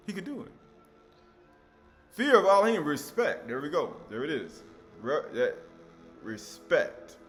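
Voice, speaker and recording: Male scripture teacher, mid-pitched, emphatic and repetitive, quiet music underneath. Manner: emphatic, repeats key words, asks rhetorical questions.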